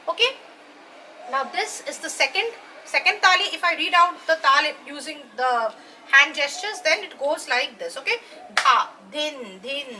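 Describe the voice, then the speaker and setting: Bright-voiced woman teaching a lesson. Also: very high voice, slight background noise. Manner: patient, checks in with "right?" and "okay?". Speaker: dance teacher. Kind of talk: explanatory lesson.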